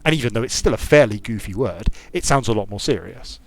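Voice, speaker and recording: Playing a strategy game on stream, this game designer from the United Kingdom wanders off on tangents and thinks out loud in a relaxed way. He speaks with a British accent in a fairly low, animated voice, quickly, over a dry recording.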